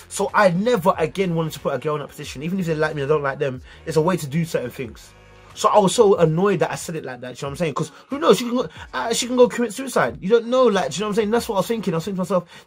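A young British man telling a story to camera in casual slang, animated and acting out the dialogue. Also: fairly high pitch, breathy edge. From United Kingdom. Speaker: vlogger.

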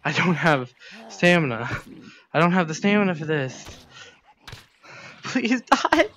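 A man's voice: on the high side, moderate pace, a bit bright. A man playing a zombie video game, narrating his moves and panicking aloud at the game. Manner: panicky, exclaiming, talks to the game. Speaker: gamer. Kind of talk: let's play commentary.

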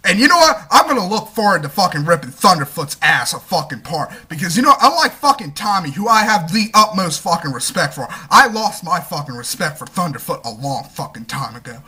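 A young man ranting angrily into his camera, swearing constantly and talking fast, with a husky voice. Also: high-pitched, very animated, pushed and bright. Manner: heavy swearing, fast angry talk. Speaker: vlogger. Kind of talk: angry rant.

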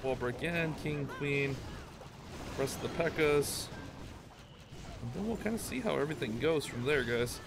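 A man giving rambling, self-mocking commentary on his own gameplay for a video, with excited outbursts. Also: fairly high pitch, normal speed, vocal fry, pauses often, background noise. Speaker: gaming YouTuber.

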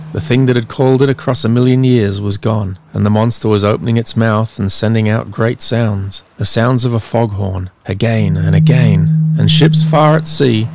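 A man narrating a story in a measured, dramatic way. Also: fairly low pitch, gravelly, background noise. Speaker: audiobook narrator.

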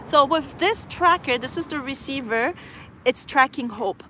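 A woman's voice: high voice, expressive, measured pace, pushed and bright, slight background noise. Chatty woman vlogging outdoors in a park. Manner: chatty and passionate, full of "like" fillers. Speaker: parrot trainer and vlogger. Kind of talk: casual vlog talk to camera. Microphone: phone she is filming with.

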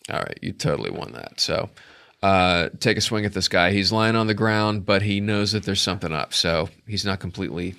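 A man's voice: low voice, fairly quick, gravelly, few pauses, bright, forceful tone, clear, resonant tone. A man running a tabletop game as game master, narrating in a rambling way full of fillers.

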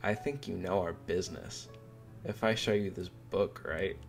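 A man's voice: low-pitched, moderate pace, vocal fry, soft background music. A man reading as a cold, demanding woman. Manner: read aloud from a manga, barely acted.

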